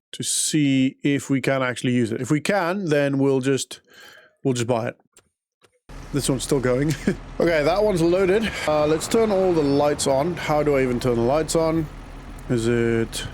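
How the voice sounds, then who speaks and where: A man's voice: fairly high pitch, a little mellow, a little hiss or hum. A young man hosting a farming game channel, talking himself through problems in casual let's-play commentary with a chatty, self-amused manner. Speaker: gaming channel host.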